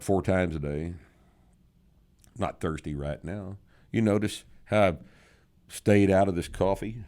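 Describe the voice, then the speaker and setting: A man's voice: low-pitched, creaky, a little mellow. An older man hosting a podcast Q&A, answering listener questions in a blunt, sardonic way with some swearing. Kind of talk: casual podcast Q&A.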